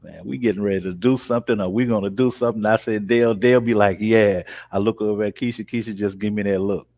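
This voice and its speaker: Laid-back, low-voiced man in casual chat. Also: steady tone, quick pace, a little mellow, no echo. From New Orleans area.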